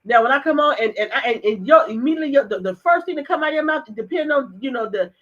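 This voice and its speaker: A woman co-hosting a casual talk show, blunt and quick to laugh, cursing freely. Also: high-pitched, lively intonation, lo-fi sound. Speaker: co-host. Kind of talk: casual chat.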